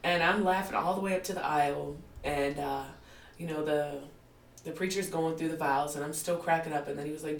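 A woman in her forties, a guest, recounts her life with lots of laughter and acted-out quotes, her low, gravelly voice moving briskly. It's a candid interview recorded on a distant mic in a roomy space, with faint ambience and slight background noise.

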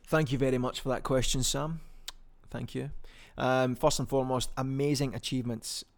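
A man's voice: mid-range voice, steady tone, normal speed. A young Scottish man hosting a podcast, chatting casually on his own and rambling with plenty of ums and restarts. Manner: chatty and rambling, lots of ums and self-corrections. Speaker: podcast host. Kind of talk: casual solo podcast chat.

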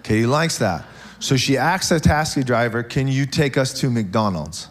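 Male pastor, mid-pitched voice, lively joking sermon delivery in a church. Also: normal speed. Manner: animated, joking with the congregation, frequent "okay?".

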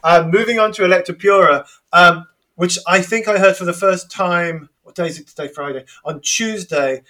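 English guy hosting a music podcast, bright voice, kinda halting and chatty. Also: high-pitched. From England. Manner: chatty, hesitant, laughs easily. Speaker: podcast host. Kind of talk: casual music discussion.

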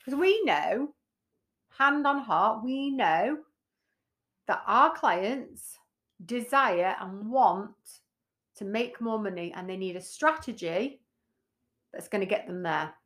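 Blunt, animated woman co-hosting a podcast. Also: medium pitch, takes it slowly, pauses often. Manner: blunt and animated, swears freely. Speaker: podcast co-host, brand builder. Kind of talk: casual podcast chat.

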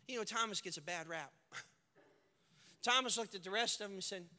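A male pastor preaching a sermon, retelling scripture scenes with animated storytelling and building to shouted climaxes. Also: sits high, moderate pace, pauses often, in a large hall.

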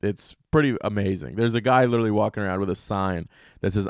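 A man hosting a podcast in a casual monologue, rambling and swearing through animated stories. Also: fairly low pitch, fast, dry recording, clean studio sound. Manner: profane, rambling, animated storytelling. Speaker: podcast host.

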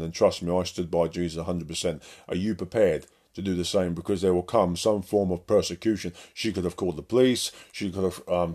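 A man's voice: lowish voice, a little mellow. A man preaching as an evangelist in a blunt, combative monologue to his listeners.

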